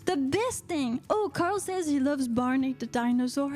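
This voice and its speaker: A French-Canadian woman from Quebec with a Quebec French accent, hosting a live-streamed internet radio chat show in a playful, theatrical way, filling pauses with uh-huh and mm-hmm while reading viewer comments. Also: sits high, expressive, a little mellow, soft background music. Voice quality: playful, theatrical, lots of uh-huhs and mm-hmms.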